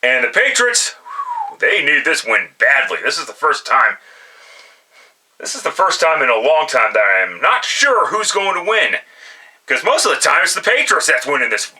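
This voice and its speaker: In casual solo commentary, this vlogger offers football picks with blunt profanity and plenty of restarted sentences. He speaks at normal speed in a high-leaning, sing-song voice with a sharp tone, captured in a rough recording.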